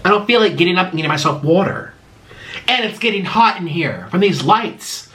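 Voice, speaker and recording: A man's voice: high voice, lively intonation, a little fast, pushed and bright. A man vlogger eating on camera and rambling emotionally through fan questions in casual chat.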